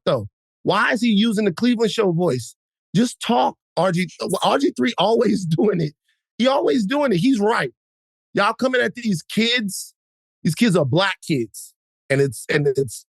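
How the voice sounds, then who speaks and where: A man's voice: creaky, dry recording. A man cohosting a casual podcast chat, telling stories animatedly and mimicking others. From American South. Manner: animated storytelling, mimicking people with loud high-pitched impressions. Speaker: podcast co-host.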